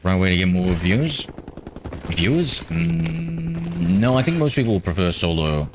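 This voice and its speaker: A man's voice: low-pitched, very animated, normal speed, music in the background. A young Australian man streaming a shooter game, answering his chat with mocking sarcasm. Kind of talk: live gaming stream chat. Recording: game noise in the background. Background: game sounds and vehicles.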